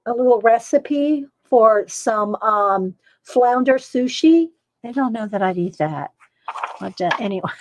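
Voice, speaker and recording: A woman with a slightly high, slightly mellow voice talks slowly through an art supply haul in a casual live-stream chat, captured on a dry, low-quality recording. She rambles, reads viewer comments aloud, and uses frequent fillers and little laughs.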